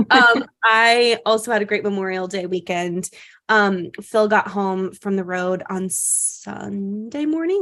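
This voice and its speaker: A woman's voice: medium pitch, fairly bright tone. Chatty woman podcast co-host. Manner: chatty, many fillers and restarts. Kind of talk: casual chat.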